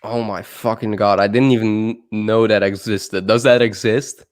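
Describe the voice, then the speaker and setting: A man's voice: on the low side, little pitch movement, moderate pace, smooth. A young man with a Dutch accent, chatting loosely on a livestream, laughing and swearing as he rambles. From Netherlands. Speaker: livestream co-host. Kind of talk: casual livestream chat.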